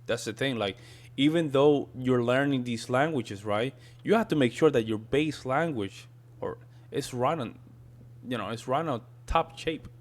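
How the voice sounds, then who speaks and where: A native Spanish speaker from a Spanish-speaking country chats casually while reacting to a video, often saying "man." His voice is medium-pitched and unhurried.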